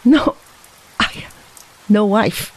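A reader voicing a frail, boyish young man from China who speaks in halting broken English. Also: medium pitch, animated, warm tone, husky, exaggerated voice, poor audio. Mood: earnest. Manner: halting, simple broken phrasing.

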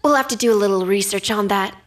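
A woman's voice: mid-range voice, quick pace, close to an everyday voice. A woman voicing a scheming, self-assured woman in a dubbed drama, smug and calculating. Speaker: dub actor.

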